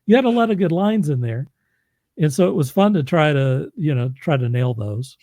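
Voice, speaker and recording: A man's voice: a little high, animated, normal speed, mellow, no room sound. A man who narrates audiobooks, chatting casually as host, laughing often and restarting his sentences. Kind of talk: casual chat.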